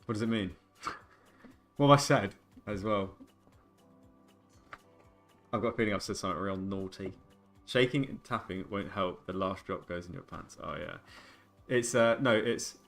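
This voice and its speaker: A man in his twenties with a fairly low voice talks casually to his live-stream chat. He rambles and jokes between gameplay remarks, with faint music playing behind him. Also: unhurried, pauses often, fairly bright tone. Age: 20s. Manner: joking, rambling banter with chat. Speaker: game streamer.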